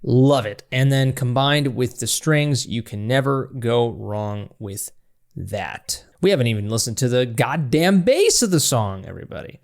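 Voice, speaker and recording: A man's voice: mid-range voice, animated, measured pace, creaky. A man hosting a music reaction channel, analyzing a song in casual, enthusiastic, rambling talk with frequent restarts. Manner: enthusiastic, rambling with restarts, breaks into scatting and laughter.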